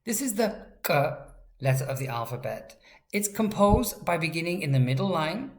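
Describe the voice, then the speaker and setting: A woman's voice: sits low, animated, normal speed. A British woman teaching pronunciation and handwriting, speaking carefully and sounding out each syllable. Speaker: language teacher. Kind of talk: slow instructional tutorial.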